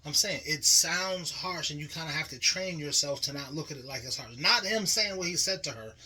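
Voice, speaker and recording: Bright-voiced man in slangy reaction chat. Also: a little high, a little fast, husky, low-quality recording. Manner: animated, slangy, restarts to make a point. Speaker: podcast co-host.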